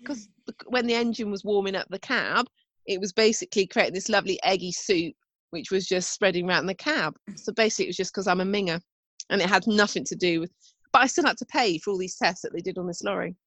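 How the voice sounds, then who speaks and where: A woman's voice: mid-range voice, fast, a bit bright, no room sound. A woman, co-hosting a casual chat and telling stories in a chatty, self-mocking way, with the odd casual swear. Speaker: podcast co-host.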